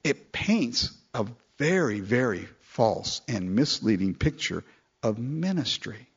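A man preaches a sermon in an animated, conversational way. His voice is a little husky and sits at a middle pitch. The recording sounds dull and lo-fi. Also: slow pace. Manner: conversational, animated, mimics people in falsetto quotes.

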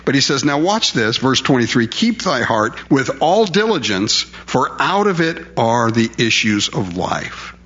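A man's voice: medium pitch, very animated, measured pace, few pauses, fairly bright tone, muffled recording. A male preacher delivering a sermon in an emphatic, conversational way, full of rhetorical questions.

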